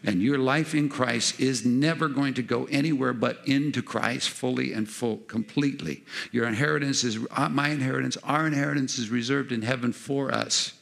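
A man preaching a sermon, animated and acting out the voices he quotes. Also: medium pitch, normal speed, creaky.

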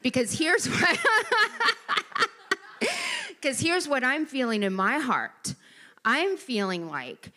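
Animated woman telling a testimony. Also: high voice, unhurried. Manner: animated storytelling, acting out quoted voices. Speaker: speaker at a church gathering. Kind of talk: personal testimony talk.

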